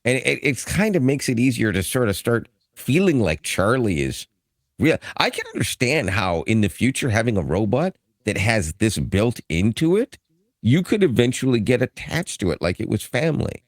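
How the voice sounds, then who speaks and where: Guy cohosting a podcast, lively up-and-down voice, gets all excited, dry close sound. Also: medium pitch, moderate pace, no echo. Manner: excitable, laughs often, repeats words. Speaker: podcast co-host. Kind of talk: casual chat.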